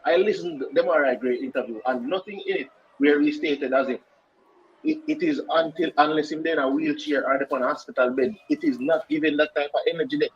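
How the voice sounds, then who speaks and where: A man's voice: a little high, fast talker, breathy edge. Argumentative Jamaican man with a dull recording. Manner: argumentative, questions his co-host. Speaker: football podcast co-host. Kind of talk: heated casual debate.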